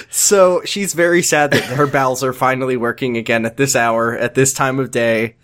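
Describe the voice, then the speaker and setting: A man's voice: medium pitch, steady tone, unhurried, fairly bright tone. Joking man on a podcast. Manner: joking, sarcastic, laughs often. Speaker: podcast co-host. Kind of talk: casual recap chat.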